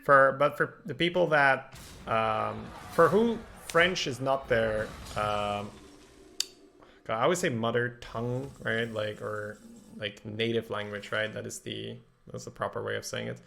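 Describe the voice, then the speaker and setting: A man's voice: medium pitch, fairly even intonation, a little slow, gravelly, pushed and bright. A man from Belgium, a game streamer chatting casually while thinking aloud about his plays and answering viewers. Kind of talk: casual live-stream commentary.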